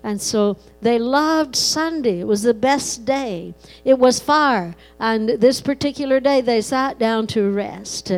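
A woman's voice: fairly high pitch, slow pace, hardly any pauses, low-quality recording. A woman preaching a sermon, telling a story with dramatic swells and leading a prayer. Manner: dramatic storyteller, builds to loud emphatic peaks.

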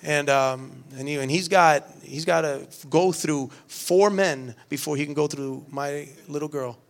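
A man's voice: fairly high pitch, measured pace, gravelly. A middle-aged man preaching a sermon, earnest and storytelling, often repeating his words. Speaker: pastor.

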